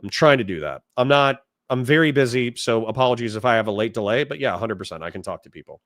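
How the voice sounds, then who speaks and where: A man's voice: medium pitch, expressive, quick pace, fairly bright tone, dry recording, clean studio sound. A man from Florida hosting a casual livestream, reading out chat donations and rambling bluntly in reply. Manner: rambling and blunt, reads chat messages aloud.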